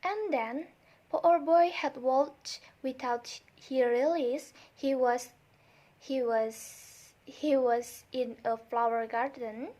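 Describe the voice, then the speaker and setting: A young woman student retelling a folk tale for a literature test, halting, with many restarts and repeated words. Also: fairly high pitch, darkish tone.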